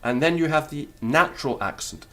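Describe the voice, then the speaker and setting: A man teaching Latin in a lecture, deliberate and careful, sounding out syllables one by one. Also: fairly high pitch, pushed and bright. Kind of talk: spoken lecture.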